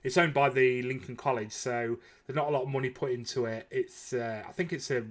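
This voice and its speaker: A man's voice: mid-range voice, fairly even intonation, a little fast. A man, chatting casually as a podcast host and rambling enthusiastically. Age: 30s. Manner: rambling and enthusiastic, with frequent fillers and laughs. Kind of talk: casual chat.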